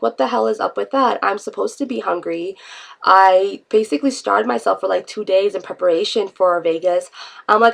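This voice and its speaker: A woman's voice: mid-range voice, vocal fry, fairly bright tone. A woman vlogger, congested from a cold, chatting in a rambling, self-deprecating way in an unscripted vlog.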